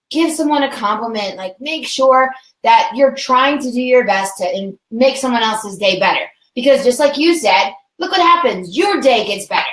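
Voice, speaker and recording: High-voiced woman author, echoey room. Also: fairly bright tone. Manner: upbeat, earnest, slangy. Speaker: guest author. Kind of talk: casual chat.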